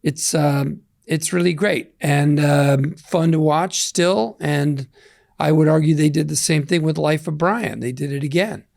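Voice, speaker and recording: A man's voice: fairly high pitch, a little slow, vocal fry, a little mellow, dry recording, studio quality. A man in his sixties, an interview guest, talking in a reflective, rambling, self-deprecating way. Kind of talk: casual interview talk.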